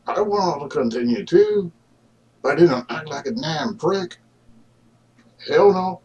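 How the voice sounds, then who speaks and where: A man's voice: fairly high pitch, animated, takes it slowly, mellow, distant mic, lo-fi sound. A man delivering a rambling, argumentative casual monologue to the camera, full of fillers and restarts. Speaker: vlogger.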